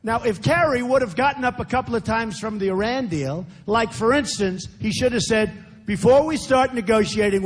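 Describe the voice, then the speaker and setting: A man's voice: high voice, slight background noise. Older man with a New York accent at a rally. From United States. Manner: repetitive, boastful, conversational asides to the crowd. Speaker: candidate speaking at a rally. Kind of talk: campaign rally speech. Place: large indoor rally venue.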